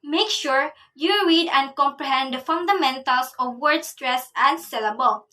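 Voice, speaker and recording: A young woman giving a class report, reading from her notes in a measured way. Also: sits high, sharp tone, recorded from a distance. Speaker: student presenter.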